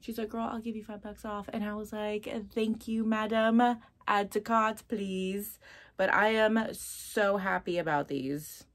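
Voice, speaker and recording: A young woman chatting casually through a thrift haul, excitable and full of filler words. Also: mid-range voice, a little slow.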